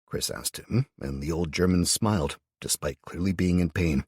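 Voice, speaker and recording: A man's voice: sits low, moderate pace, few pauses, a little mellow, husky, no room sound, clean studio sound. A man narrating a first-person audiobook in a blunt, sardonic manner.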